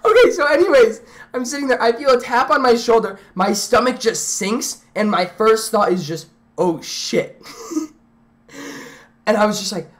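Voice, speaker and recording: A young woman streaming live tells her chat a story, rambling and excitable, with lots of fillers and restarts. Her voice is mid-range.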